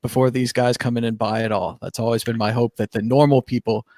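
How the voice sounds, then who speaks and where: Male panel host, mid pitch, dry close sound, brisk questions. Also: flat delivery, a little mellow, no echo. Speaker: show host. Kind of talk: panel discussion hosting.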